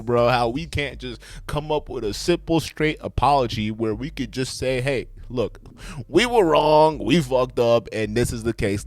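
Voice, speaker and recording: A man's voice: medium pitch, dry recording. Blunt swearing commentary man, dry close sound. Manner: blunt, heavy swearing, emphatic. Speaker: reaction commentary host. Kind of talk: casual reaction commentary.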